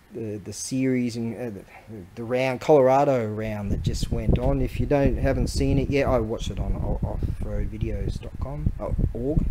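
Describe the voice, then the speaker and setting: An Australian man chatting in a loose, slangy ramble, full of restarts, with bursts of excitement. His mid-pitched voice comes over a home recording with clear background noise and clicks. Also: poor audio. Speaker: online seller showing items. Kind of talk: casual rambling show-and-tell.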